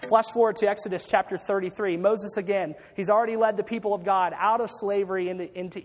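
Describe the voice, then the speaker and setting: A man's voice: sits high, steady tone, fast talker, big-room sound. A man preaching a sermon, retelling a story with acted-out quotes and frequent restarts.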